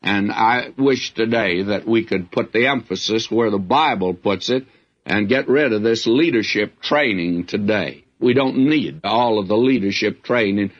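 A man's voice: fairly low pitch, a little slow, lo-fi sound. A man preaching a verse-by-verse sermon as a Bible teacher, in a folksy way with frequent asides.

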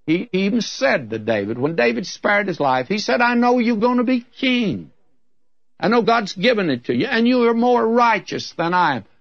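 A man's voice: on the high side, no room sound, highs cut off. A man preaching an expository sermon as a radio Bible teacher, earnest and folksy, with candid humorous asides.

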